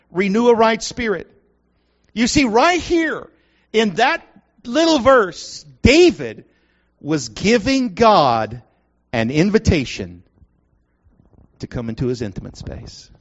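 A male preacher with a high voice that leaps up and down his range. He moves dramatically from near whispers to loud declarations, heard through a muffled, lo-fi recording. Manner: dramatic, swings between hushed and loud. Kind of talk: sermon.

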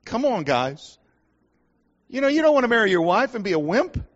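A man's voice: high-pitched, very animated, moderate pace. A middle-aged man preaching a sermon, telling a personal story in a folksy way and acting out what people said. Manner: folksy storyteller, acts out quotes. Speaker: pastor. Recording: dull lo-fi sound.

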